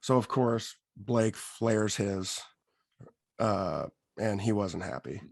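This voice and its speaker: A man hosting a podcast, telling an animated story and acting out what people said. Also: on the low side, slow pace, gravelly, no echo, studio quality. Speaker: podcast host. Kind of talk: casual storytelling.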